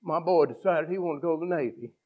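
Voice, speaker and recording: A middle-aged male pastor preaching a passionate sermon, swinging between loud appeals and hushed pleading. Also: fairly high pitch, quick pace. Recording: tinny phone-like sound.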